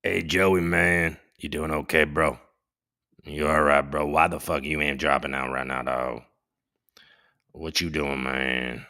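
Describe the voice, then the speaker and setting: A man's voice: rumbling low, steady tone, unhurried, pushed and bright, voice pushed down, full character voice. A man putting on a voice for a laid-back, slangy man teasing a friend. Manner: drawling street slang, teasing.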